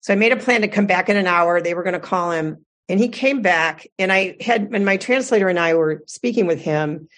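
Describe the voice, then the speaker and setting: A woman giving her first personal Dharma talk, earnest and reflective, pausing often with fillers and correcting herself. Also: lowish voice, a bit bright. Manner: hesitant, many fillers and self-corrections.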